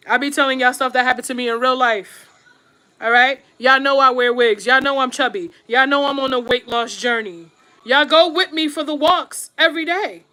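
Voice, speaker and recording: A woman who streams on YouTube and podcasts does her makeup while giving viewers blunt, casual advice, addressing them directly in slangy, emphatic speech and repeating points for stress. Her voice is high-pitched, pushed and bright.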